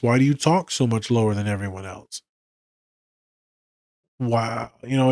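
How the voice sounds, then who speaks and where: A man's voice: medium pitch, a little mellow, dry recording. Tired male therapist-host, loose profane chat, dry recording. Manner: casual, profane, conversational. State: tired, yawning. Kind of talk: casual solo podcast talk.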